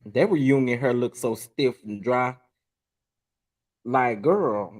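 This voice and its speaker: Lively laughing male chat host. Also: mid-range voice, slow pace. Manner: laughs often, animated. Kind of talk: casual chat.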